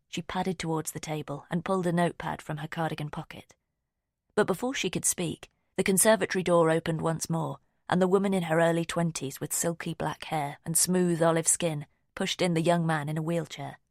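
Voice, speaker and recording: A woman reading a mystery audiobook in a steady, measured storytelling voice. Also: low-pitched, vocal fry, no room sound, studio quality. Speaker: audiobook narrator. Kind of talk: scripted narration.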